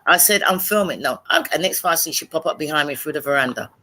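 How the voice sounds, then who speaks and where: On a live stream, a woman tells a story in casual chat, animated and acting out the voices of the people she quotes. Her voice sits low and she talks fast.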